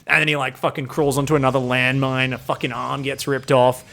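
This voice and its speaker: A man's voice: mid-range voice, flat delivery, fairly quick, gravelly, fairly bright tone. A man streaming game commentary, rambling, joking and swearing freely.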